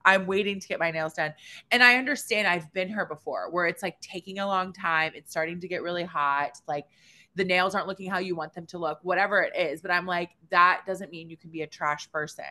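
Bright-voiced, blunt woman in casual chat. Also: lowish voice, brisk. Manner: blunt, chatty, swears casually. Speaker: podcast co-host.

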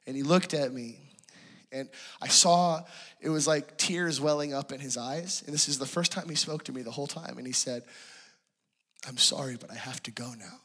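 Bright-voiced man preaching a testimony. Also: on the high side, moderate pace. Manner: hushed and tender, rising to impassioned pleading. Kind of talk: sermon testimony.

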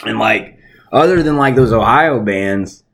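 A man's voice: lowish voice, animated, measured pace, gravelly, a bit bright. A middle-aged man co-hosting a podcast, telling a story in casual chat, laughing often and swearing freely. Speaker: podcast co-host.

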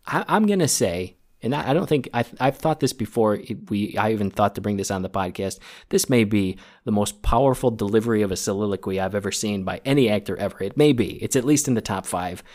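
A man co-hosting a film podcast, talking in a halting, emotional way and choking up as he recalls a scene. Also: fairly low pitch, expressive, a little mellow. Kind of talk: casual film discussion.

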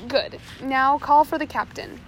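A woman's voice: sits high, steady tone, unhurried, a little hiss or hum, low-quality recording. A woman voicing a cunning, ruthless male pirate captain who gives curt, commanding orders in a storybook reading.

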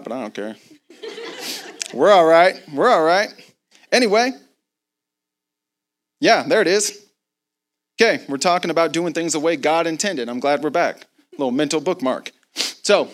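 Guy preaching, tells a story w voices, laughs a lot, kinda high pitched. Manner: animated, laughing, acts out both sides of a dialogue. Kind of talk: sermon with storytelling.

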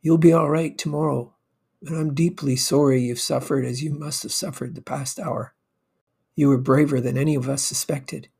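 A man voicing a brisk, commanding male surgeon who speaks in clipped orders. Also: fairly high pitch, fairly even intonation, vocal fry, a little mellow, husky. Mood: gentle.

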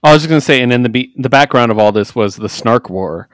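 A man co-hosting a casual podcast, recapping comics in an animated way, jumping into quick character voices and laughing often. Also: medium pitch, dry recording. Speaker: podcast co-host. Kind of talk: casual comic book chat.

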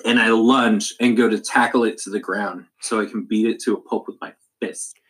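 A man's voice: on the low side, fairly even intonation, normal speed, a bit bright. Casual male tabletop player. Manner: chatty, apologetic, hesitant with fillers. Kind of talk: casual play at a game table.

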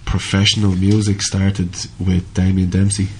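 A male musician guest from Ireland, chatting casually in halting, self-correcting speech with many fillers. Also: low-pitched, monotone, background noise. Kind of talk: casual chat, then singing live with guitar. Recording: loud guitar music throughout.

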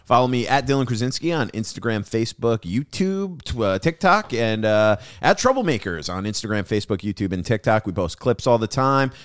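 A man's voice: mid-range voice, animated, brisk, hardly any pauses, clean tone. A young adult man hosting a comedy podcast, laid-back and slangy as he plugs the show. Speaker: podcast host. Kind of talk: casual podcast chat.

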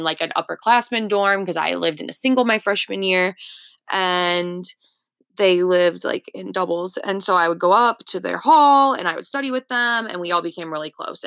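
Chatty young woman podcaster, bright voice. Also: on the low side, dry recording, clean studio sound. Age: 20s. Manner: chatty, full of "like" fillers. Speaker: podcast host. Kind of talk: casual storytelling monologue.

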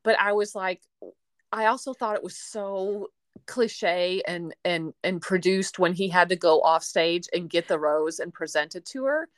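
A woman hosting a casual podcast chat, animated and laughing, acting out quotes as she talks. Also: fairly low pitch, unhurried, no echo, studio quality. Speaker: podcast host.

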